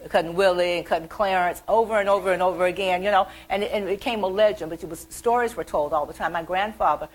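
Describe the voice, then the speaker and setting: A middle-aged woman from the American South, an author telling animated stories about her childhood at a library event. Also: lowish voice, fast talker, rough recording. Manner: chatty, animated, acts out childhood quotes. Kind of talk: storytelling talk.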